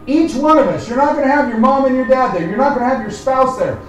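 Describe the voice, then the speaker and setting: Male pastor, high voice, preaching from a distance in a very echoey church, building to loud emphatic points before a quiet prayer. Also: fast talker, a little hiss or hum. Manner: rises and presses hard on points, then drops to a quiet prayer. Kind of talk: sermon. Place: church sanctuary. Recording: echoey church room from far off.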